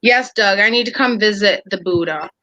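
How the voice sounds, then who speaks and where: A woman co-hosting a casual chat podcast, telling animated stories, swearing freely and acting out the people she quotes. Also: medium pitch, normal speed, no echo, muffled recording. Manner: animated storyteller, swears, acts out quotes loudly. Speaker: podcast co-host.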